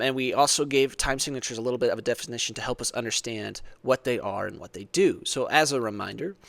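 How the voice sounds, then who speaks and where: A man with a medium-pitched, creaky, slightly bright voice and no room sound teaches a church music lesson. He explains patiently and conversationally, counts beats aloud, and keeps asking "right?".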